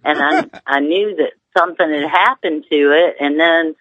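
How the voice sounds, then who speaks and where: A woman's voice: low-pitched, normal speed, fairly bright tone, no room sound, highs cut off. A woman from Georgia calling into a radio show, hesitant and emotional, often restarting her sentences. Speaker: radio caller. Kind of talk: call-in radio question.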